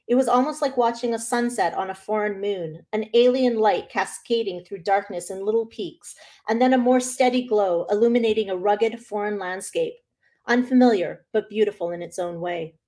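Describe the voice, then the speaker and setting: Woman author reading her novel aloud; expressive first-person delivery. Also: mid-range voice, normal speed.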